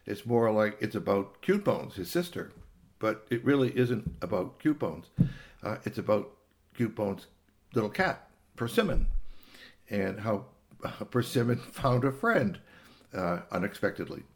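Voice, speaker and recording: A man's voice: on the low side, very animated, measured pace. A man improvising a children's story about a cat, rambling along with fillers and little gasps.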